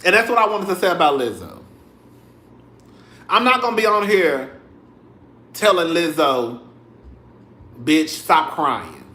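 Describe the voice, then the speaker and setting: A young man giving sassy, animated commentary straight to his viewers in a casual vlog, full of cussing. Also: high-pitched, moderate pace, pauses often, echoey room. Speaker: vlogger. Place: home room.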